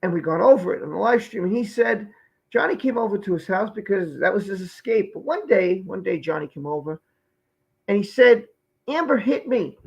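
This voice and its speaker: A man's voice: high voice, lively intonation, fairly quick, gravelly, slightly rough. A man giving emphatic live-stream commentary, repeating key phrases for weight.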